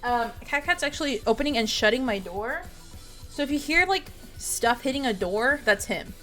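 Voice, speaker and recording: A woman hosting a live stream in casual chat, hyper and excitable, meowing playfully at her chat. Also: a little high, normal speed, soft background music. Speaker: streamer host.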